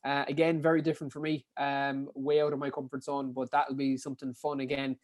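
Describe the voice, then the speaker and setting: A young man with a Kerry Irish accent, a podcast guest telling rambling stories in a casual, quick way with lots of restarts. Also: medium pitch, little pitch movement, no room sound. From Dingle, County Kerry, Ireland. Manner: rapid, rambling, frequent restarts and fillers. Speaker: podcast guest, ultra runner. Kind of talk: casual anecdotal storytelling.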